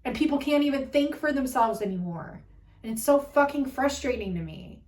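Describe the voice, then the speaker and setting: A woman gives a spiritual card reading that turns into a heated, rambling rant full of swearing. Her voice sits a little high. She sounds distant from the mic, in a room with a lot of echo. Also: expressive, moderate pace, a little mellow. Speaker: spiritual reader. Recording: echoey room, far from mic.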